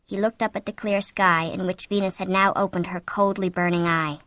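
A woman narrating a story in steady scripted narration, drawing out tense moments. Her voice is bright and forceful, recorded close and completely dry. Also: mid-range voice, no room sound. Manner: steady storytelling, slowing for tension. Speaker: audiobook narrator.

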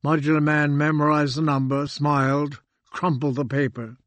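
A man reading an audiobook aloud in a calm, deliberate narrating voice. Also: on the high side, dry recording. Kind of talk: scripted narration.

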